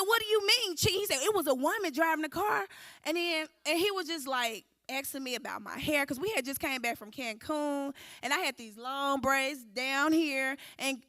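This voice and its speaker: A woman, giving an animated personal testimony at a church recovery service and acting out the voices in her story. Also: high-pitched, no echo, clean studio sound. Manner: animated storytelling, acting out quotes, addressing the room as y'all.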